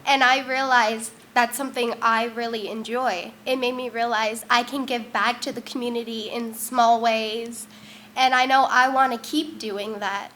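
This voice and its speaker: Late-teen student reading her award speech; earnest and sincere; bright, slightly high tone. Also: steady tone, unhurried, a little hiss or hum. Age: late teens. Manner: earnest, heartfelt. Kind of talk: prepared acceptance speech.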